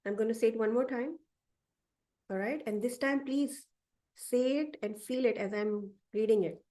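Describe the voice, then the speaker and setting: A woman teacher leading a guided affirmation session, speaking slowly and deliberately so listeners can repeat after her. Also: a little high, dark tone, distant mic. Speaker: meditation teacher. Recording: voice set back from the mic.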